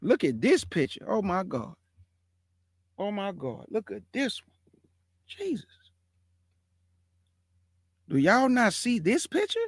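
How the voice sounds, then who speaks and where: A man's voice: high voice, sing-song, slow pace, pauses often, slightly rough, no echo, clean studio sound. A man hosting his own online show, commenting live to his viewers in an emphatic, repetitive way and stretching out words for effect.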